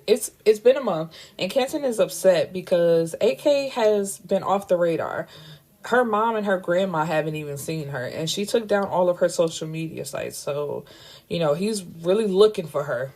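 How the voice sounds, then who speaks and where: A woman's voice: fairly low pitch, animated, moderate pace, a little mellow. A woman recapping a novel in a casual, candid way, swearing freely and tossing in wry asides. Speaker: book reviewer recapping a novel. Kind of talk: casual spoken book recap.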